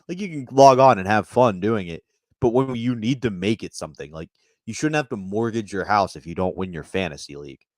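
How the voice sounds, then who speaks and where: A low-voiced man trades crude jokes as co-host of a comedy chat show. His voice sounds dry and close to the mic. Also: lively intonation, fairly quick, a little mellow, no echo. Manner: crude, joking banter. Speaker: podcast co-host.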